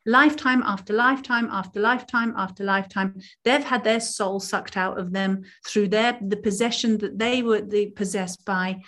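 A woman spiritual healer talking earnestly in a casual podcast conversation, rambling with many restarts. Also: mid-range voice.

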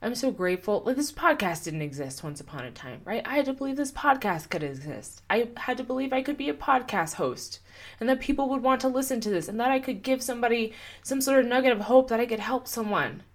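A woman's voice: fairly high pitch, expressive, fast talker. A young woman hosting a solo motivational podcast, speaking earnestly and encouragingly and putting repeated questions to her listener. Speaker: podcast host and coach.

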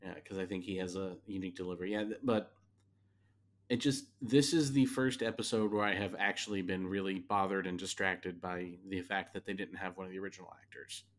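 A man co-hosting a podcast in casual conversation, his voice sitting a little low. He speaks candidly and loosely, restarting his thoughts as he goes. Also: steady tone, fairly quick. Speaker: podcast co-host. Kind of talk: casual chat reviewing a show.

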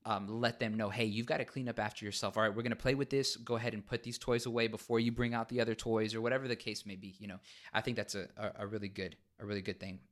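A man in a casual chat about parenting, explaining in a measured way with fillers and restarts. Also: fairly low pitch, steady tone, a bit bright.

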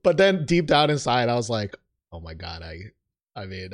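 Speaking at a moderate pace in a sing-song, mid-range voice, a young male podcast host chats casually. He rambles, makes self-deprecating jokes, and keeps stumbling into fillers and fresh starts.

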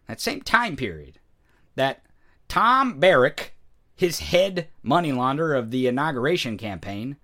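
A man hosting a ranting political commentary show, profane and sarcastic, jumping from loud outbursts to low muttering.

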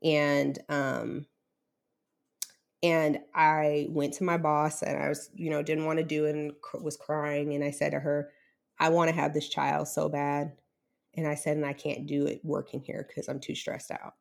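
Interview guest: woman, thirties, low gravelly voice, candid and emotional. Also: flat delivery, measured pace. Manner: candid, emotional, many fillers and restarts. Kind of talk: personal story in an interview.

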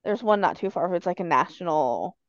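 A woman's voice: lowish voice, animated, a little fast, dry recording, lo-fi sound. A young woman co-hosting a podcast, chatting casually and telling dry, joking stories. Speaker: podcast co-host. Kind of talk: casual chat.

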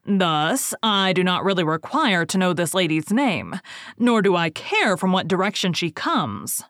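A woman reading the lines of a proud High King in a storybook tale, measured and deliberate. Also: sing-song, a bit bright, dry recording, studio quality. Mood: grave. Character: proud middle-aged male High King, calm and wise.

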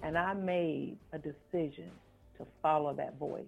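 Slow, gravelly woman on a phone line. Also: low voice, steady tone, darkish tone. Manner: slow, earnest storytelling with repetition. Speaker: author and life coach. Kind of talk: podcast interview, personal story. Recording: phone-like line with faint music.

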